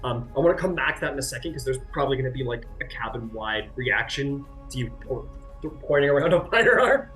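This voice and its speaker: A man's voice: mid-range voice, lively intonation, quick pace, fairly bright tone, soft background music. A man running a tabletop game as game master, narrating in a rambling way full of fillers and restarts.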